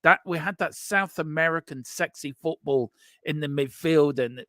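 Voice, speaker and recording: A man co-hosting a live fan stream, animated and opinionated as he questions guests. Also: on the high side, normal speed, no room sound, studio quality.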